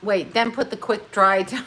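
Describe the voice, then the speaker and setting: A woman from Canada talks to her viewers in a loose, rambling way, blunt and salty with plenty of self-mockery. Her voice is bright and forward, sitting right in the middle of a woman's range. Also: mid-range voice. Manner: rambling, blunt and profane with self-mocking asides. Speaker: livestream host. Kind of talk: casual chat.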